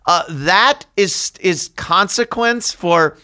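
An emphatic man argues his point as a guest in a loose, opinionated chat, often stumbling into quick restarts. His voice is bright and sharp, set fairly high and swinging widely in pitch. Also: lively intonation. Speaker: guest, radio host.

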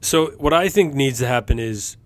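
Guy hosting a film podcast, laid-back jokey chat, normal pitch. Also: expressive, normal speed. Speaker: podcast host.

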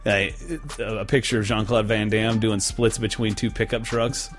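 A man's voice: fairly low pitch, level tone, moderate pace, soft background music. A young man co-hosts a casual podcast. He talks in a rambling, joking way and swears freely. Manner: rambling, profane, jokey storyteller. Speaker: podcast host.

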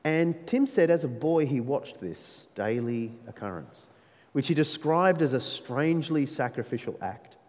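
A man preaching a sermon, emphatic and animated, with playful asides to his listeners. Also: mid-range voice, a little slow. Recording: long reverb of a large hall.

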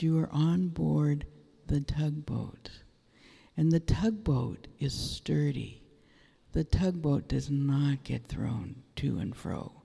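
Slow, emphatic man delivering a prophetic word, dark gravelly voice, echoey room. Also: a little high. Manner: emphatic and repetitive. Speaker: prayer minister. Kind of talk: prophetic word at a prayer meeting. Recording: echoey room with long reverb.

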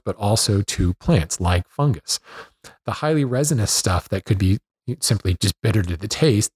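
A man explaining wood and rot in a relaxed, conversational lesson, with fillers and self-corrections. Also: fairly low pitch, slightly rough, no echo, studio quality. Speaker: woodworking instructor.

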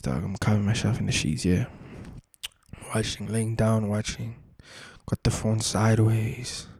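A young man hosts his podcast alone, rambling through casual stories in loose street slang. His voice sits in a middle pitch. The recording is dry, with no room echo. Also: a little mellow. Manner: slangy, laid-back storytelling with frequent filler tags. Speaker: podcast host. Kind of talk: casual solo podcast chat.

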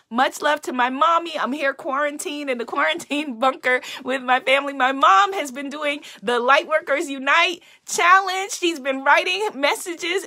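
A woman's voice: high voice, bright, forceful tone. A woman hosting a live-streamed inspirational self-care talk from home, affirming and repeating her key phrases in an uplifting way.

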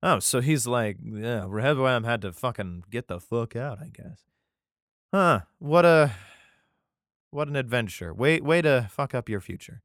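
A man's voice: medium pitch, animated, normal speed, a bit bright, dry recording, studio quality. A man hosting a podcast, reading old scripture aloud and breaking off into crude, irreverent jokes. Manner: irreverent, profane asides. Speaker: podcast host.

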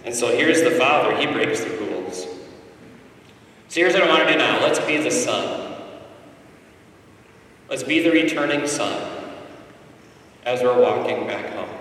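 Preacher in an echoey hall. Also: male voice, medium pitch, distant mic, slight background noise. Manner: storytelling, swings from hushed to loud and emphatic. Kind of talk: sermon. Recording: echoey hall, mic from afar.

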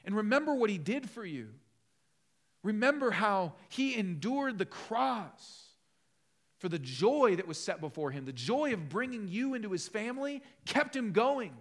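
Male pastor, high-pitched, passionate sermon delivery with big dynamic swings. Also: big pitch swings, unhurried. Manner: passionate, rises to loud emphatic peaks then drops low and conversational.

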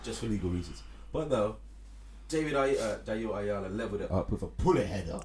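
A man's voice: fairly low pitch, quick pace, darkish tone, roomy sound. A man on a casual football podcast, joking, swearing and steering to the next topic. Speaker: podcast co-host.

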